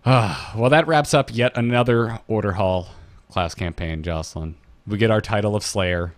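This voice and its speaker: A man with a lowish voice co-hosts a gaming podcast in relaxed, joking chat. He often stumbles and restarts his sentences. His voice sounds dry and close. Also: moderate pace, no echo. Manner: relaxed, stammering restarts, jokey. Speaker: podcast co-host.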